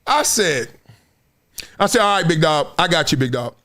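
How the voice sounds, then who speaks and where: A man's voice: on the high side, very animated, a little fast, fairly bright tone. A male show host chatting casually on a livestream, telling stories with lots of laughter and acting out other people's lines.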